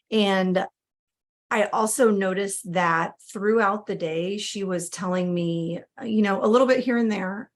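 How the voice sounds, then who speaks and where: A woman in her thirties, a mother telling her family's story in a casual, conversational way, with frequent fillers and restarts. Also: mid-range voice.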